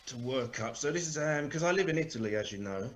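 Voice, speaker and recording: Deadpan man doing stand-up. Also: medium pitch, fast talker. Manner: dry, sarcastic, deadpan. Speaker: stand-up comedian. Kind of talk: deadpan stand-up over a video call. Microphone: video call.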